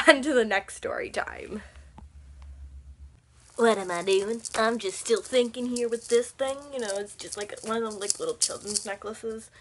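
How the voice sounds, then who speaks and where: A woman's voice: a little high, moderate pace. A woman telling a rambling storytime to camera in a casual vlog, full of fillers, sitting at home under a lamp. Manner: rambling, chatty, lots of fillers. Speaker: vlogger.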